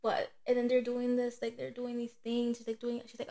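A woman co-hosting a casual podcast chat, with a relaxed way of telling a story. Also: fairly high pitch, brisk, few pauses. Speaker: podcast co-host.

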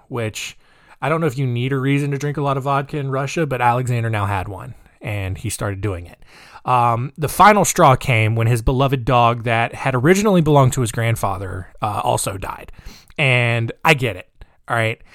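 Male podcast host, mid-pitched, jokey and rambling, dry close sound. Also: no room sound. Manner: joking, rambling, with personal asides. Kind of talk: casual true-crime storytelling.

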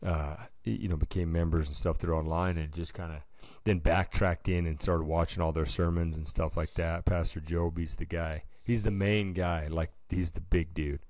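A man's voice: low voice, steady tone, normal speed, hardly any pauses, a little mellow, no room sound. A man co-hosting a casual podcast, telling a long story in a laid-back, slangy way. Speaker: podcast co-host. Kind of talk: casual chat.

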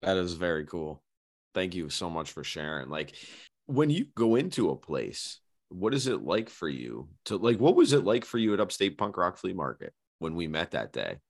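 Deep, lively-voiced man hosting a podcast. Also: normal speed. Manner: loose and slangy, mild swearing, laughs easily. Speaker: podcast host. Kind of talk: casual interview chat.

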